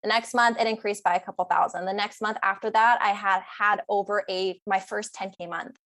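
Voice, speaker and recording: A woman's voice: mid-range voice, steady tone, fairly quick, fairly bright tone. A young adult woman, a guest coach on a podcast, telling her story in an earnest, flowing way. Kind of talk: podcast interview.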